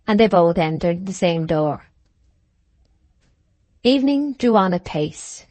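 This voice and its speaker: Measured woman audiobook narrator. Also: on the low side, expressive, warm tone, dry recording. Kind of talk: audiobook reading of a classic novel.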